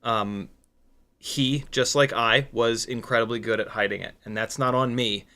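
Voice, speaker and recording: A man's voice: medium pitch, steady tone, normal speed, sharp tone, smooth. Tired, rambling man hosting a livestream. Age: 40s or older. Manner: rambling and candid, with frequent fillers and self-mocking asides. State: tired, sleep deprived. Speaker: FPV drone livestream host. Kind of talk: casual livestream chat reading viewer comments.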